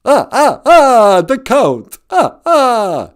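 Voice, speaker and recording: A man voicing a pompous vampire count with a high, booming, drawn-out delivery that cackles. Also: huge pitch swings, exaggerated voice. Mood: theatrical.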